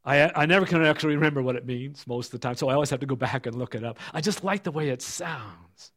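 Middle-aged man preaching, dropping to soft asides. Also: mid-range voice, fast. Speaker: pastor. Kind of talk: sermon with scripture reading.

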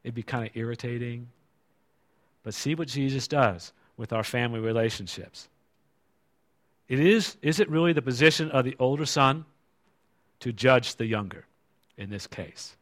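A man's voice: mid-range voice, normal speed, pauses often. A male preacher giving a conversational sermon and asking the congregation rhetorical questions.

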